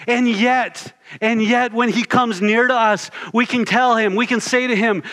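A man delivering a sermon with an earnest, steadily building cadence. His speaking voice sits on the high side for a man, and he drives his points home by repeating short phrases. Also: fairly even intonation, normal speed, bright, forceful tone. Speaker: preacher.

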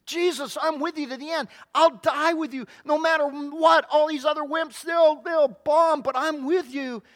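A brash, boastful disciple who swears loyalty and talks down the others, as a high-voiced preacher puts him on. He is a man full of pride and sure of himself, bold and loud in his claims. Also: steady tone, moderate pace. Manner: brash and self-assured. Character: boastful, overconfident male disciple.

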